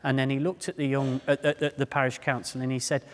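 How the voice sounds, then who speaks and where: A man's voice: mid-range voice, quick pace. Man telling stories in an echoey hall. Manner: animated, self-deprecating storyteller. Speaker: speaker at a public talk. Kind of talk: humorous storytelling talk. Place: large hall before a live audience. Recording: echoey hall with long reverb.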